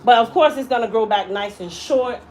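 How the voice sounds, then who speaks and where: A woman hairstylist, a touch high in pitch, tells a story while she works in her salon. She talks in a casual, animated way and throws weight on her words. Faint room noise sits behind her voice. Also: brisk, poor audio. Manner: animated, emphatic storyteller who acts out quotes. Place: hair salon.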